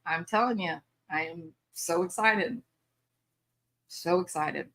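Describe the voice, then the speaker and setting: A woman's voice: on the low side, slow, fairly bright tone. A chatty, bubbly older woman, hosting a casual live stream and laughing often. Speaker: livestream host.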